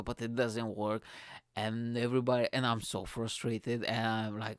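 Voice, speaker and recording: A man's voice: mid-range voice, little pitch movement, normal speed, clear, resonant tone, no echo, clean studio sound. A young man, a comedian, casually telling a story, acting out quotes, swearing freely and laughing often.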